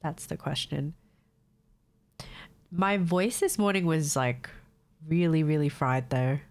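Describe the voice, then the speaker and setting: A young woman streaming from home with a congested, nasal voice from a cold. She chats loosely with her viewers, swears casually and laughs a lot, her voice sitting a bit low. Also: slow pace, a little mellow. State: stuffed-up nose from a cold.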